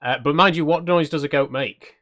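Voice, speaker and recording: A man's voice: fairly high pitch, fairly quick, a bit bright. A man hosting a channel, giving casual gameplay commentary in an easygoing, self-conscious way and chatting with viewers. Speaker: channel host.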